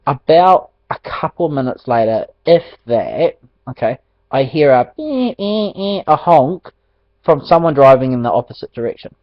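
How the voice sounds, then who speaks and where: New man, testimony storytelling, animated, dull lo-fi, dry recording. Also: medium pitch, moderate pace, no echo. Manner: animated storytelling, laughs often. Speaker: ministry speaker. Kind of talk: telling a personal faith testimony.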